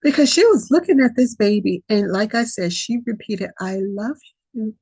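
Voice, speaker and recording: A woman's voice: a little high, sing-song, mellow, no echo, low-quality recording. A woman hosting a podcast, sharing a reflective spiritual monologue in an earnest way that repeats and dwells on key phrases. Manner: slow, gravelly, breathy voice. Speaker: podcast host.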